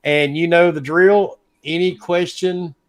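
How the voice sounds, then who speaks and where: A man's voice: on the high side, fairly even intonation. A man hosting a casual gaming podcast, passing the mic to guests and plugging his upcoming shows in a breezy way. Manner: quick, breezy handoffs to guests. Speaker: podcast host.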